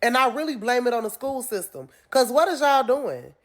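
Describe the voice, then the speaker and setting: Mom ranting about schools, kinda high voice, emphatic. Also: female voice, very animated, moderate pace. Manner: frustrated, emphatic complaining. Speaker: concerned parent. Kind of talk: opinion vlog.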